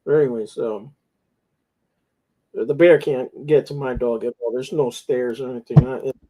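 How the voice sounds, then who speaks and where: A man's voice: mid-range voice, steady tone, normal speed, mellow. A man telling rambling stories in a casual chat, with coarse slang.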